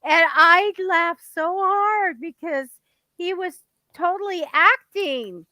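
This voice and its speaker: A woman's voice: very high-pitched, slow, dry recording. A woman, a guest psychic, telling stories animatedly in casual chat. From United States. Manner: animated storyteller, laughs often.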